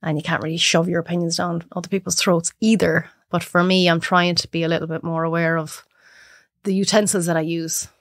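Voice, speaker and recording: A woman's voice: fairly low pitch, a little fast, no room sound, clean studio sound. A young adult Irish woman, a cook and podcast guest, chatting casually and acting out other people's voices as she tells stories. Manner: animated storyteller, acts out others' voices. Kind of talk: casual chat.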